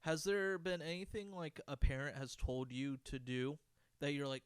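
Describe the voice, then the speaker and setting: A man's voice: fairly high pitch, moderate pace, smooth, no room sound. A young man co-hosting a podcast in casual chat, with a rambling, self-deprecating way of telling stories. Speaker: podcast co-host.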